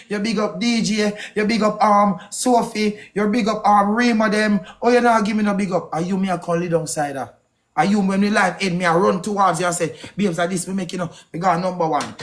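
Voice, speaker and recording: A man with a Jamaican accent delivering a heated, accusing rant on a live stream, firing off questions. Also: high-pitched. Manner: angry, accusing, rapid-fire questions.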